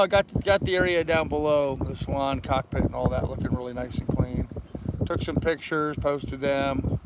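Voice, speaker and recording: Folksy older male vlogger, fairly high voice, rambling chat on a boat, faint noise behind. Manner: rambling, folksy, greets chat viewers by name. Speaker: channel host. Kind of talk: casual livestream chat. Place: aboard a sailboat on a mooring.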